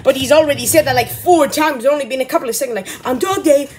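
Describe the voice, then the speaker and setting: A woman with a high-pitched voice talks very fast as she reacts to a video, casual and exasperated, laughing and swearing freely. There's slight background noise.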